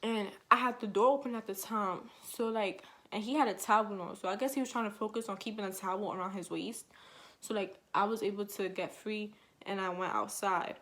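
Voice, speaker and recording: A woman's voice: mid-range voice, fairly quick, a bit bright. Emotional woman telling a storytime vlog. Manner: casual, slangy storytelling full of "like" fillers; emotional, tearful retelling. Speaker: vlogger.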